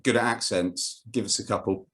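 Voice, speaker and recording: Host guy, low voice, deadpan jokes, chatting over a video call. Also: moderate pace, slightly rough. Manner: dry, teasing, deadpan humor. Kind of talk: casual interview chat.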